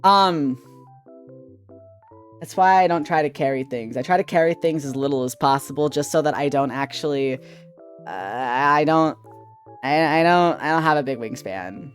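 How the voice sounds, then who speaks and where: A young man chatting on a live stream as a VTuber, excitable, giggly and rambling, with a lot of laughter. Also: on the high side, normal speed, faint music behind. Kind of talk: casual live-stream chat.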